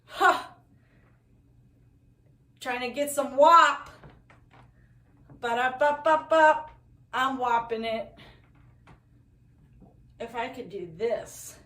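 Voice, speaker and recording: A woman's voice: on the high side, drawn-out words, long pauses, bright, forceful tone. A woman doing a live stand-up set of corny one-liners with apologetic asides while she hula hoops. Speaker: stand-up comic. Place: live comedy telethon venue. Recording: echoey room, voice from far off the mic.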